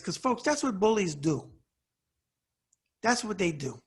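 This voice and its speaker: A middle-aged New Yorker hosting his own commentary show unleashes an angry, profane rant straight at his viewers. His voice is high and husky with big pitch swings, a little slow, and marked by long pauses, his manner heated and blunt.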